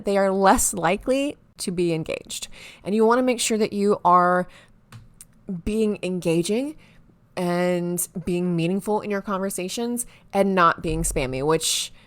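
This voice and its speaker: A woman hosting a marketing explainer video, talking excitedly and sometimes stumbling over her words, with quiet asides. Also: mid-range voice. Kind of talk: enthusiastic to-camera explainer.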